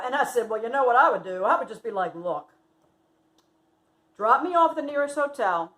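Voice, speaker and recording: A woman's voice: fairly high pitch, normal speed, low-quality recording. A woman, telling a casual story about a late friend and acting out other people's lines. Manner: animated, acts out quotes loudly. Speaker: vlogger sharing memories of a friend.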